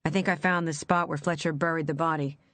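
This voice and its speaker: A narrator voicing a determined woman detective who speaks in a steady, matter-of-fact way. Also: low-pitched, fast talker, dry recording. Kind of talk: audiobook character reading.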